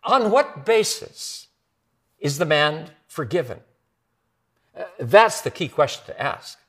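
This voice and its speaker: A man preaching a sermon as pastor, with expressive delivery that drops to soft, quiet lines for emphasis. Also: on the high side, slow.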